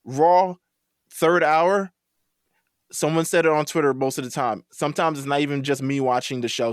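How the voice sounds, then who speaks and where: A man with a fairly high voice rants emphatically on a casual podcast, driving the same point home again and again. The sound is dry and close to the mic. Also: moderate pace, no echo. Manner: emphatic, ranting, repeats his point. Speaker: podcast panelist. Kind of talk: casual chat.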